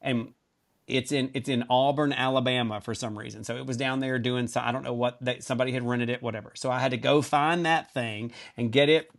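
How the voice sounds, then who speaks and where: A man with a Southern US accent tells stories on a podcast with lively comic timing. His delivery is animated and chatty. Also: mid-range voice, brisk, vocal fry. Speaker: podcast guest. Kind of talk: casual podcast storytelling.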